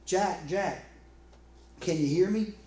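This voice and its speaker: The voice of God, put on by a preacher, steady and unhurried, with a dry, wry touch as it reassures. It sits a bit above a man's usual pitch and echoes through a roomy space with faint noise behind it. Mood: calm. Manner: calm, reassuring, a little wry.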